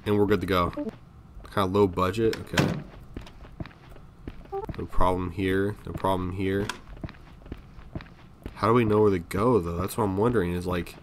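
A man with a fairly low voice gives loose, casual commentary while playing a horror game. He is jumpy and swears freely, muttering to himself and calling out to viewers. Faint noise sits under his voice. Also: fairly even intonation, normal speed, long pauses. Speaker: gaming video creator.

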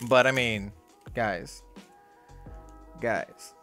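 A young man hosting a card-opening video in a small hot room, rambling and excitable, talking about being sweaty and needing to calm down. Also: medium pitch, very slow, soft background music. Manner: excitable, rambling, lots of "dude" and "like". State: sweaty and worked up. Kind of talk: casual case-opening commentary.

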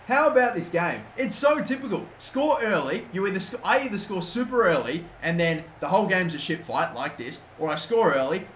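A young man giving casual, excitable football game commentary, swearing often and swinging between yelling at the game and muttering to himself. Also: sits high, fairly quick. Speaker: gaming YouTuber. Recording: echoey room, faint ambient noise.

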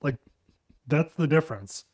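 A man's voice: fairly high pitch, lively intonation, measured pace, darkish tone, dry recording, clean studio sound. Blunt, rambling man on a podcast. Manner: blunt, rambling, swears casually. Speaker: podcast co-host. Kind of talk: casual chat.

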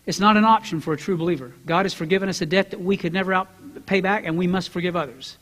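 A man preaching a sermon as a pastor, acting out Bible characters in quoted voices and building to loud, emphatic preaching. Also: high voice, steady tone, fast talker, big-room sound. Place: church sanctuary.

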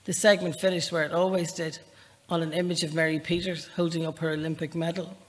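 An Irish woman with a faint northern lilt, speaking as an author at a live library event. She chats in a self-deprecating way, then reads aloud from her novel at an even, measured pace. Her voice trails off into a long hall reverb. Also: deep voice. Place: public library event space, indoors.

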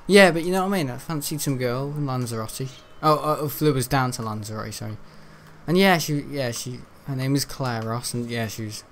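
In this gaming video, a teenage male host with a mid-range voice chats and rambles through his let's-play, laughing a lot. A little hiss or hum is audible.

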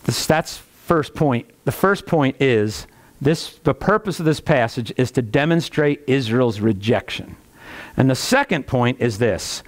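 Animated preaching man. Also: unhurried. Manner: animated preaching, rising pitch on rhetorical questions. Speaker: pastor. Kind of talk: sermon.

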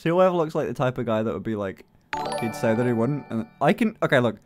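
Over music, a young male streamer with a medium-pitched voice talks fast and animatedly. He casually chats with his audience, reads their messages out, and jokes, swears, and laughs a great deal.

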